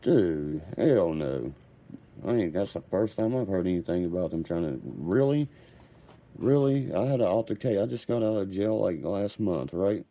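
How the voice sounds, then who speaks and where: Brief: man, deep and mellow, combative vlogger telling a rambling story. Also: lively intonation, normal speed.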